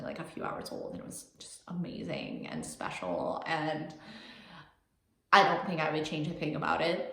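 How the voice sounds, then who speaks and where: A woman's voice: sits low, creaky, fairly bright tone. A young woman vlogger telling a personal story in a casual, chatty way, filling her speech with "like". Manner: chatty, heavy use of "like", emotional. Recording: echoey room.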